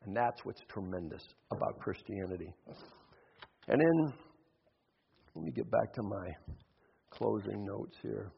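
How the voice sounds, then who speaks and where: A man preaching a sermon as pastor, acting out voices in his stories and swinging between loud calls and hushed asides. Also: on the low side, unhurried, creaky, long pauses, slight background noise. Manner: acts out voices in stories, shifts between shouting and hushed tones. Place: church sanctuary. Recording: dull sound, long hall reverb.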